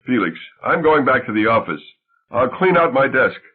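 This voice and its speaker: A man reads an earnest, devoted husband in an audiobook play, husky and gentle, soft and pleading in his manner. His pitch stays lively under the gentleness. The sound is thin and tinny, like a phone call. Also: normal speed.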